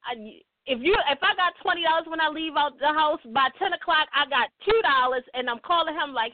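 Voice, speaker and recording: A woman hosting a casual radio talk show, blunt and profane, telling lively stories. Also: high-pitched, brisk. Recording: dry, tinny phone-like sound.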